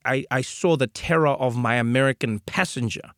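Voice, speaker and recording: Animated storytelling man, dry sound. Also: medium pitch, fairly quick, dry recording. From South Africa. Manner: animated, acts out voices in anecdotes. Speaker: podcast host. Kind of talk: storytelling in casual chat.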